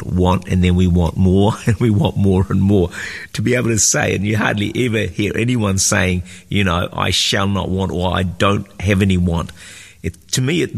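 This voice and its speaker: Gravelly man giving a devotional sermon. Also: low-pitched, in a large hall. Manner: earnest, emphatic teaching with scripture readings. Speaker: pastor.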